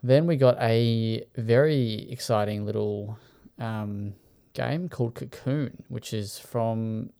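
A man's voice: medium pitch, slow pace, creaky, mellow. A man hosting a casual chat, running through news items with plenty of filler words. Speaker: podcast host.

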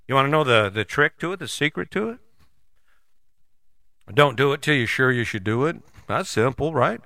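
Animated, blunt man in his sixties. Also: medium pitch, normal speed, gravelly, no room sound. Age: 60s. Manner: blunt, folksy, swears casually, jumps between voices for imagined people. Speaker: podcast host. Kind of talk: motivational monologue.

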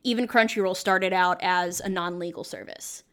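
A woman's voice: on the low side, fairly even intonation, moderate pace, a bit bright, smooth. A young adult woman chatting enthusiastically as a podcast guest, drifting from one tangent to the next. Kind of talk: casual chat.

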